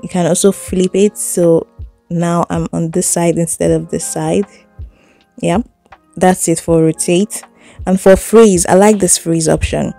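A woman's voice: lowish voice, steady tone, measured pace, gravelly, dark tone, soft background music. A woman giving a chatty, step-by-step editing tutorial, seated indoors and recorded on a phone. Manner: chatty step-by-step explaining, little laughs. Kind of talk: casual screen tutorial.

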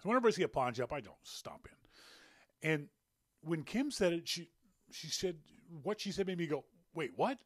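A man's voice: on the high side, very animated, normal speed, dry recording, studio quality. A man from North America hosting a casual podcast, chatty and playful, with frequent restarts. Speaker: podcast host. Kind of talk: casual chat.

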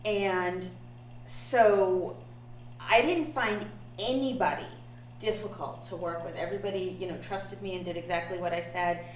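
A woman's voice: on the low side, steady tone. Diplomatic woman director, echoey room. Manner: measured and diplomatic, thinks aloud with ums. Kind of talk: casual chat. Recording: echoey room, distant mic, faint hum.

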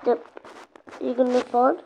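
A woman's voice: on the high side, flat delivery, moderate pace, gravelly, a little mellow. A woman giving casual, rambling commentary while playing a game, repeating herself and breaking into sudden exclamations. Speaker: gamer, channel host. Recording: dull lo-fi sound with faint noise.

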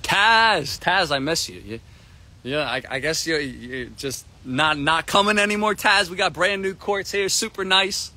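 A man teaching a tennis lesson on a live stream from an outdoor court, energetic and repetitive, often asking "right?". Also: fairly high pitch, normal speed. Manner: energetic, repeats himself, keeps asking "right?". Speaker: tennis coach.

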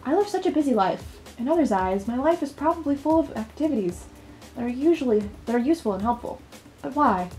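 A woman's voice: sits high, lively intonation, a little fast, a little mellow, faint music behind. A woman reading the part of an overworked young female college student, in a plain, subdued way. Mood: weary. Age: young adult. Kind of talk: reading game dialogue aloud.

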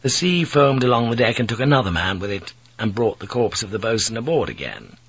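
Husky-voiced man reading an audiobook. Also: on the low side, very animated, a little fast, fairly bright tone, dry recording, poor audio. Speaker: audiobook narrator. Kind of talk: scripted audiobook narration.

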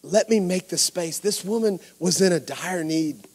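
Cajun man, middle-aged pastor, higher-pitched voice; storytelling sermon that drops to asides and rises to shouts. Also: moderate pace, breathy edge.

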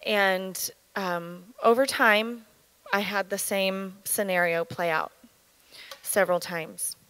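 A woman in her thirties giving an earnest, candid personal testimony as a church speaker, speaking in a measured way. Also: medium pitch, steady tone, a bit bright, smooth, dry recording, low-quality recording.

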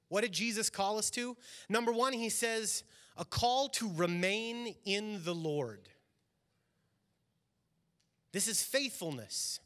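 A man's voice: high-pitched, pushed and bright. Earnest male pastor preaching. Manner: earnest, swelling emphasis on key lines. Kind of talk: sermon. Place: church sanctuary.

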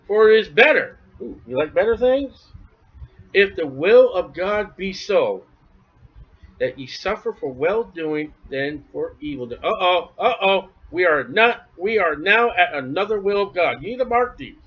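A man preaching a sermon with a high, lifted voice, reading scripture slowly and then breaking into quick animated asides. The recording is dull and lo-fi. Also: husky. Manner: animated, acts out imagined voices, asides to the congregation. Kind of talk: expository sermon.

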